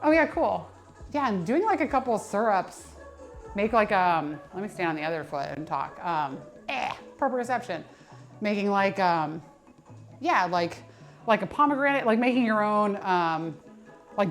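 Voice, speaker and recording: A young woman chats on a livestream from the gym, rambling along with plenty of fillers and restarts. She sounds a little worn out between sets, and soft music plays faintly behind her. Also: medium pitch, lively intonation, normal speed. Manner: chatty, rambling, lots of fillers and self-corrections. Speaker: personal trainer and nutrition coach. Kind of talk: casual livestream chat while working out.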